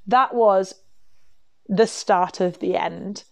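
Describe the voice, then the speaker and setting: A woman's voice: mid-range voice, takes it slowly, creaky, no room sound, studio quality. Chatty woman rambling through a story. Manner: chatty, rambling, full of fillers and asides. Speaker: vlogger. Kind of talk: casual storytime monologue.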